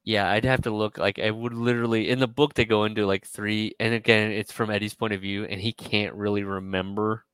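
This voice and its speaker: A man co-hosting a casual podcast, retelling a story in a rambling way, full of fillers and quick quoted asides. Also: fairly low pitch, level tone, fairly bright tone, clean tone, dry recording, poor audio. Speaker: podcast co-host.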